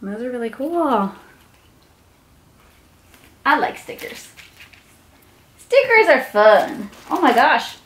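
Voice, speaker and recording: A woman's voice: sits high, big pitch swings, slow, pauses often, a bit bright. A young woman vlogger unboxing gifts, gushing with squealing exclamations. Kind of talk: unboxing vlog.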